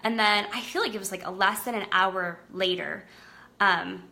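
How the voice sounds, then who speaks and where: A woman's voice: medium pitch, steady tone, normal speed, gravelly, sharp tone. A young woman in a casual, earnest livestream talk about her psychic business, full of "like" and "um" fillers. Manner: chatty, earnest, lots of "like" and "um" fillers. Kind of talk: casual Facebook Live talk.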